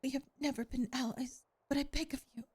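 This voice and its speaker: A woman voicing a desperate ally who urgently begs for help in a hushed voice, reading game lines aloud. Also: high-pitched, fairly even intonation, fairly quick, breathy edge. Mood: pleading.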